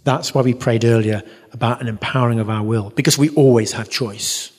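A man's voice: mid-range voice, fairly even intonation, brisk. A middle-aged man giving an earnest teaching talk at a church conference, acting out voices in his stories. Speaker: Christian teacher. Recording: reverberant hall.

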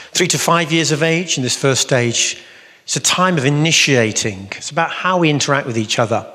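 A man's voice: mid-range voice, a bit bright, husky. A middle-aged man giving an earnest teaching talk at a church conference, acting out voices in his stories. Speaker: Christian teacher. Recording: reverberant hall.

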